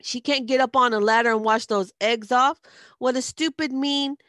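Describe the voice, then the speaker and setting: A woman's voice: mid-range voice, lively intonation, a little fast, vocal fry, no echo, studio quality. A woman voicing a bold, outspoken young girl. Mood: indignant. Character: spirited young girl in a cowgirl costume.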